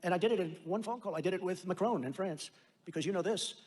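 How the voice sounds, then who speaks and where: A man's voice: sits high, quick pace, darkish tone, a little hiss or hum. A man giving a rally speech in a rambling, boastful, repetitive way. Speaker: political speaker.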